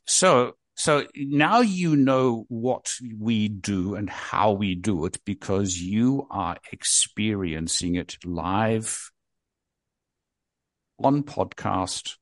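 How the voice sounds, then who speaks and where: A man's voice: on the low side, slow, gravelly, a bit bright, dry recording. An older man hosting a casual podcast, rambling and poking fun at himself. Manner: self-mocking, jokey, rambling. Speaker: podcast host.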